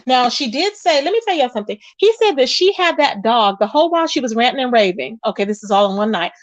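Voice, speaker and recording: Woman host, AAVE, animated commentary, higher voice, dry close sound. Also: quick pace, dry recording, muffled recording. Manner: animated retelling, quotes others in raised voice, addresses viewers directly. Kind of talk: casual commentary livestream.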